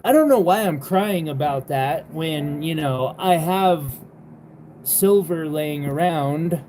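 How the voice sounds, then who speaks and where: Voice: medium pitch, takes it slowly, mellow, a little hiss or hum. A young adult jewelry seller hosting a live sale, talking in a rambling, exasperated way with lots of fillers and the odd swear word. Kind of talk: casual livestream chat.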